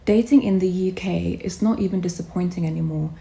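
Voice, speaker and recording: Casting note: woman, emphatic opinion vlogger, mellow lowish voice. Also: vocal fry. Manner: emphatic, deliberate, repeating points. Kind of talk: opinion vlog.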